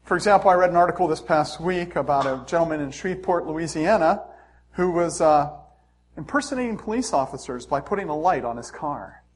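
A man's voice: fairly high pitch, expressive, a little fast. A man preaching a sermon as pastor, talking in a joking, conversational way.

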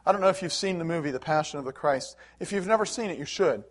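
Earnest, fairly high-voiced man preaching. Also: fast. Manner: earnest, emotional preaching with swells of emphasis. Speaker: pastor. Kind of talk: sermon.

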